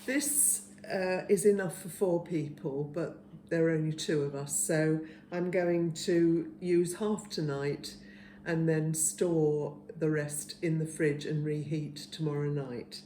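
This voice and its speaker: An older woman in her seventies talks through a home recipe in a low, mellow voice, taking her time with little fillers along the way. Her kitchen gives the sound a roomy echo, with a faint hum of ambience behind her. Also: fairly even intonation. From England. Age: 70s. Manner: chatty, homely, unhurried with fillers. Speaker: home cook, channel host. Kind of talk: casual cooking demonstration.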